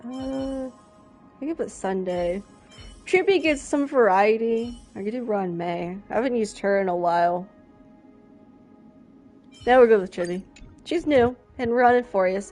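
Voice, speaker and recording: A young adult woman talks through a game in casual, excitable commentary. She often mutters to herself between bursts of excitement, and her voice sits slightly high. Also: normal speed, long pauses, soft background music. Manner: chatty, excitable, talking to herself. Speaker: streamer.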